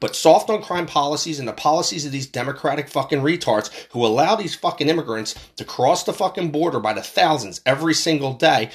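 A man's voice: on the high side, expressive, fairly quick, few pauses. Man, from Philadelphia, heated, swearing, repetitive ranting monologue. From Philadelphia, USA. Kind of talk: angry political rant.

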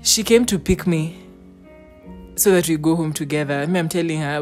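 Young woman, lively storyteller who acts out quotes, a little low, with faint music behind. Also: normal speed. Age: young adult. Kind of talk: casual chat, storytelling.

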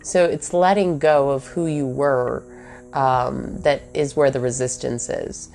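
Low, slow-talking woman musing aloud. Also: steady tone, darkish tone. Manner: thinking aloud, many fillers and self-questions. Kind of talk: reflective personal monologue.

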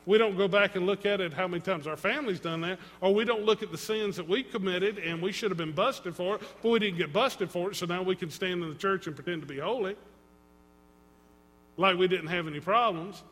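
A man preaching a sermon as pastor, dramatic, swinging between loud and hushed and acting out quotes. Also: sits high, a little fast. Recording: long reverb in a hall.

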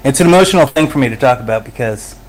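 A man's voice: medium pitch, expressive, rapid-fire. A middle-aged man, a podcast guest, telling his own story of recovery in a candid, emotional way, often laughing as he talks. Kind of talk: personal recovery story in conversation.

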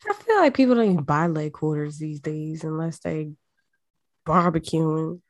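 A woman's voice: low voice, animated, moderate pace, dry recording, studio quality. A woman with a South Jersey accent, a podcast co-host telling stories in casual slang and laughing often. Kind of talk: casual chat.

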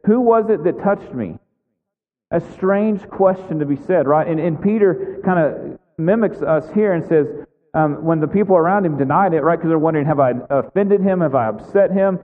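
A man with a fairly high voice preaches a sermon and acts out the voices of the people in the story as he tells it. His voice carries the long reverb of a large hall. The sound is thin and phone-like. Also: moderate pace.

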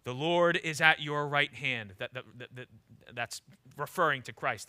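A man preaching a sermon in a church, emphatic, swinging from loud declarations to low, intense lines, often repeating words as he starts a thought. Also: unhurried. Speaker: pastor.

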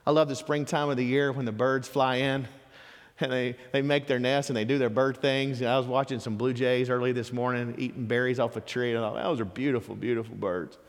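A man preaching a sermon as pastor, emphatic and animated, with lively storytelling asides. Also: mid-range voice, brisk, big-room sound.

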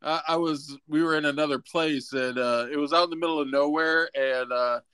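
A man's voice: fairly high pitch, fairly even intonation, a little fast, a bit bright, clear, resonant tone, dry recording, studio quality. A man co-hosting a comedy radio show, trading jokes and casual swearing. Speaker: radio co-host. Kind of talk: joking comedy radio banter.

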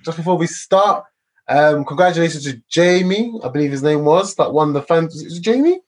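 A man's voice: fairly high pitch, lively intonation, a little fast, rough recording. A man hosting a casual football podcast, laid-back and rambling with many fillers. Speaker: podcast host.

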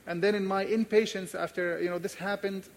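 Earnest man preaching, slightly high voice. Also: fairly even intonation, brisk, slight background noise. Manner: earnest, emphatic, repeats key phrases. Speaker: pastor. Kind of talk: sermon with personal stories.

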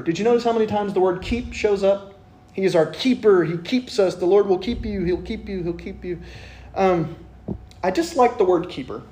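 High-pitched guy preaching, jokey and wry, sounds like a big echoey church. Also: darkish tone, a little hiss or hum. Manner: conversational and joking, with wry asides. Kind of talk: sermon. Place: church sanctuary.

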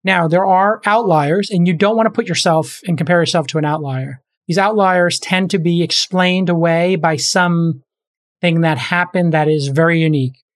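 A speaker giving casual, emphatic advice on startup fundraising and valuations, often acting out example conversations. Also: mid-range voice. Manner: brisk and emphatic, acts out example dialogues.

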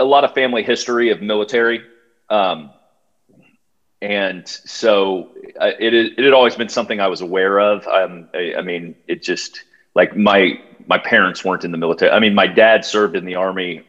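Low-voiced man telling a story, hesitant. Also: a bit bright. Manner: halting, full of fillers and restarts. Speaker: podcast guest. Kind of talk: casual storytelling. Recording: dull lo-fi sound.

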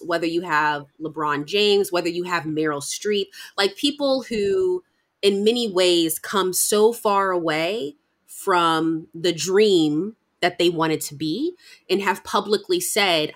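A woman hosting a podcast who tells stories in an animated way and laughs often. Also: on the low side, a little slow. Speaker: podcast host. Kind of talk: conversational interview.

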